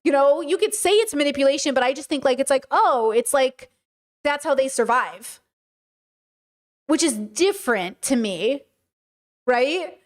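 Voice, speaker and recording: A woman's voice: sits high, lively intonation, a little slow, long pauses. A woman hosting a casual livestream, talking emphatically with rhetorical questions and answering her chat. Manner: many fillers and restarts, rhetorical questions. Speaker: streamer and podcast host.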